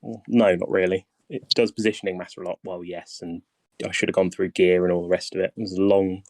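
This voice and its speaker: A man's voice: deep voice, little pitch movement, brisk, darkish tone, dry recording. A man hosting a casual voice-chat guide session, talking hesitantly with many ums, his voice tiring. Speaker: game guide host.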